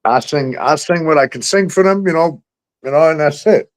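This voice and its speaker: A man's voice: fairly high pitch, normal speed, low-quality recording. A man hosting a casual talk show, ranting heatedly and swearing a lot. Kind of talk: casual profane chat.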